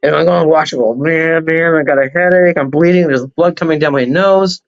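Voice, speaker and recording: A man speaking as a show guest, telling a long personal story in a rambling, animated way. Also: on the high side, a little fast, highs cut off. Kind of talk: casual storytelling on a talk show.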